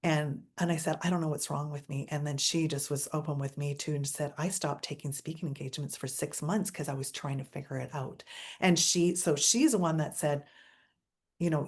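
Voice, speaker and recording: A woman hosting a podcast interview, telling stories in an animated, exclamatory way. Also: deep voice, normal speed. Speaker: podcast host. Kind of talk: casual interview chat.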